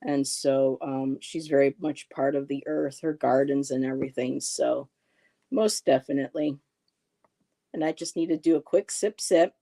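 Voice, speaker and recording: A woman's voice: rumbling low, steady tone, moderate pace, warm tone. A woman hosting a live stream, chatting casually as she gives card readings and answers her chat. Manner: chatty, reassuring, reads chat comments aloud, laughs often. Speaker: tarot reader and live-stream host.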